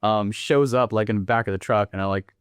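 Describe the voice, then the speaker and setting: A man's voice: on the low side, fairly even intonation, fairly quick, smooth, no echo, studio quality. A man in his thirties from Northern California, a podcast guest telling his story in a laid-back, profane way and acting out the people he quotes. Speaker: podcast guest, military veteran. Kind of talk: casual storytelling interview.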